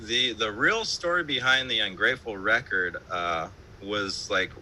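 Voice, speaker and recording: A man with a piercingly bright, somewhat low voice chats as an interview guest from his home. His stories ramble loosely, packed with fillers, casual swearing and laughter. A faint hiss sits under the streamed call. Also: measured pace, rough recording. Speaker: band musician, interview guest.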